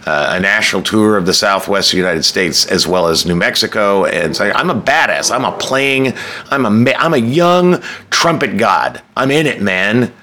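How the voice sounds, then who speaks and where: A man's voice: lowish voice, expressive, moderate pace, pushed and bright, slight background noise. A man telling a candid, self-mocking personal story, swearing freely and breaking into sudden emphatic bursts.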